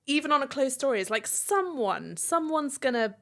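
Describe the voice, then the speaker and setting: A woman's voice: high voice, big pitch swings, normal speed, a bit bright. A woman in a casual panel chat, blunt and teasing. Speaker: podcast panelist.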